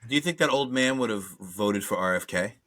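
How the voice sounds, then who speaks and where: A man's voice: on the low side, animated, a little fast, fairly bright tone. A man co-hosting a casual movie review podcast, joking and riffing with silly bits. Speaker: podcast co-host.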